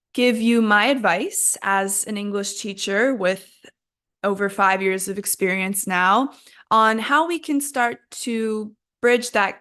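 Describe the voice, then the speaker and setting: Young female English teacher, podcast host; slow, patient, chatty and self-mocking. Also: mid-range voice, fairly bright tone. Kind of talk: casual podcast lesson.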